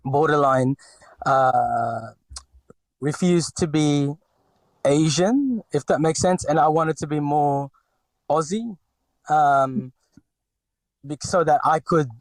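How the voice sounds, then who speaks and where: Recorded with no room sound, a medium-pitched man in his forties from the Philippines talks as a podcast guest with a light Filipino accent. He's hesitant, repeatedly restarting and using fillers.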